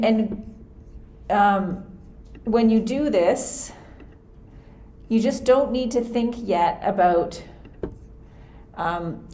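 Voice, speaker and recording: A woman's voice: mid-range voice, mellow. Woman music teacher, casual think-aloud lesson, computer mic. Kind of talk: screen-recorded lesson. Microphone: computer mic for a screen recording.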